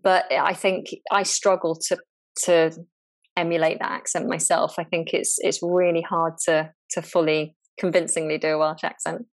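A woman who teaches English, a guest in a relaxed interview, talking thoughtfully and often restarting her sentences. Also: deep voice, moderate pace. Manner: thoughtful, frequent restarts and repeated words. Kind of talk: casual conversational interview.

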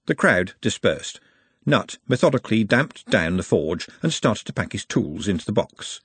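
A man narrating a comic fantasy novel as an audiobook in a wry, even-paced reading. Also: on the low side, normal speed, breathy edge, no room sound. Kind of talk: scripted storybook narration.

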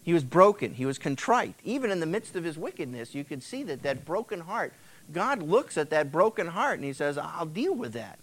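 A fairly high, fairly bright man's voice, very animated and fairly quick. He's a middle-aged pastor preaching in a conversational style who now and then performs the voices of biblical figures, captured on an old cassette tape transfer.

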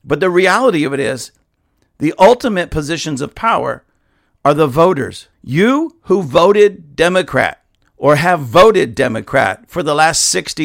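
A man's voice: on the high side, creaky. A man who pastors a church, giving impassioned political commentary and reading news aloud, emphatic and often addressing his listeners directly. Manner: emphatic, repeatedly addresses "ladies and gentlemen".

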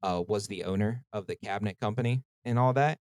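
A man's voice: fairly low pitch, brisk, darkish tone, no echo. A man hosting a podcast, telling rambling stories in casual chat and swearing freely. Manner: profane, rambling storytelling. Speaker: podcast host.

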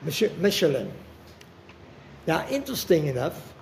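Older male preacher, earnest and personal, gravelly, slightly high; faint room noise. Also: sing-song. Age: 60s. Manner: earnest, personal, slows for emphasis. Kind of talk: sermon.

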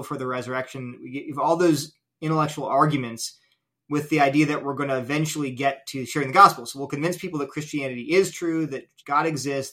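A man's voice: medium pitch, a bit bright. A man as an interview guest, earnestly explaining an argument step by step with illustrations. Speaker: guest apologist.

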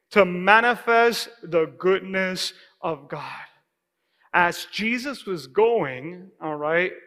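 High, bright-voiced preaching man. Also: long reverb tail. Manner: emphatic preaching, calls for congregation response. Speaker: pastor. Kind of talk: sermon. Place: church sanctuary.

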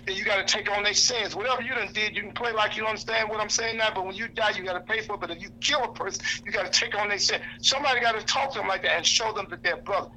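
A man speaking in a fiery, preacherly way to a lunch crowd, his voice pitched high and cutting with a very sharp, bright edge. He talks bluntly, hammers points home by repeating them, and cites scripture chapter and verse. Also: racing, few pauses, slight background noise, low-quality recording. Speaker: activist speaker. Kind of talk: impassioned speech to a lunch audience. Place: indoor lunch gathering.

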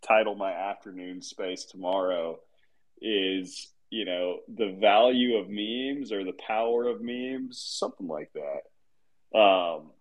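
A man's voice: lowish voice, takes it slowly, low-quality recording. A man hosting a casual online group chat, rambling and laughing often as he tells stories. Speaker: host of a live audio chat room.

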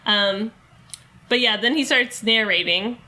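Bright-voiced woman podcast co-host. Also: a little high, measured pace. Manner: chatty, lots of fillers and laughs. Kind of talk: casual movie discussion.

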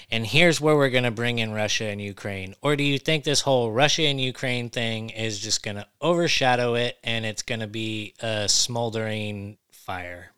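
Podcast host dude, bright crisp voice, pretty dry sound, blunt and kinda fired up. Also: male voice, mid-range voice, no room sound. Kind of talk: casual podcast chat.

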